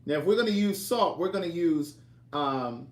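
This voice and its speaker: A man's voice: on the high side, animated, moderate pace, reverberant. A man hosting a casual cooking livestream from his home kitchen, chatting and teasing viewers as he reads their comments aloud.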